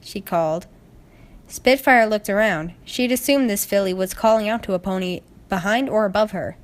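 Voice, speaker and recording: A woman's voice: mid-range voice, moderate pace. A woman narrating a storybook, reading it aloud steadily. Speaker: story reader.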